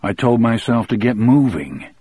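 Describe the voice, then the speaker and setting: A man reading an audiobook in a measured, unhurried storytelling way. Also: mid-range voice, lively intonation, warm tone, husky, no echo. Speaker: audiobook narrator. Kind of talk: audiobook narration.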